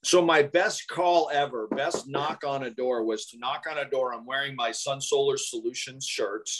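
A man guesting on an interview, a salesman telling animated stories and laughing through them. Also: medium pitch, moderate pace, slight background noise. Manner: animated storyteller who laughs through his anecdotes. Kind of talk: casual interview storytelling.

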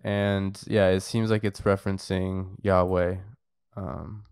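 Deep-voiced man musing aloud. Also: little pitch movement, slow pace, gravelly, darkish tone, clean tone, no echo, studio quality. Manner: thinking aloud, hesitant with fillers. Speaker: Bible study participant. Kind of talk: casual discussion.

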